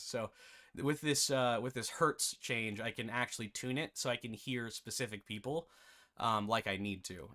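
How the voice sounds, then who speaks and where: Male tutorial host, bright clear tone, chatty anecdote delivery, mid pitch. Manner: chatty, animated anecdote telling with laughs. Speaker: game development tutorial host. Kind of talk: casual storytelling aside.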